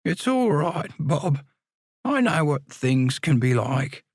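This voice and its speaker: Old ex-convict, nearly blind, high quavering voice, kindly, read by a male narrator in a dry booth. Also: very animated, slow, no echo, full character voice. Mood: gentle.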